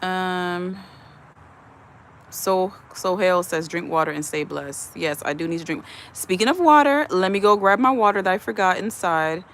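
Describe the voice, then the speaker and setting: Out on a chilly evening, a US host livestreams through a phone camera from behind it, casually welcoming viewers one at a time and voicing their comments. The voice has a medium pitch, a moderate pace and a slightly bright quality, with a bit of background noise.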